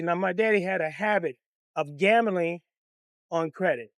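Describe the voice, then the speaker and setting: A man telling a comic personal story in a profane, animated, conversational way. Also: sits high, moderate pace, no echo, studio quality.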